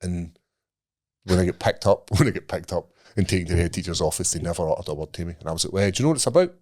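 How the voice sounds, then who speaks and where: The voice is deep, fast and a little mellow, with little pitch movement, belonging to a Scottish man co-hosting a podcast. He's casually storytelling, swearing and laughing as he acts out the other characters' voices.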